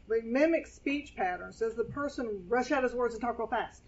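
A woman pastor, preaching a casual sermon in a chatty, animated way while seated at a table. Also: a little high, moderate pace, hardly any pauses. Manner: chatty, animated, scripture quoting. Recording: dull lo-fi sound.

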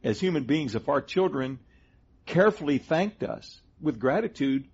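A man's voice: fairly high pitch, animated, normal speed, husky. A middle-aged man co-hosting a Christian teaching talk, earnestly explaining doctrine step by step. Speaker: co-host of a Christian teaching show. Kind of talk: conversational Bible teaching. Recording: dull lo-fi sound.

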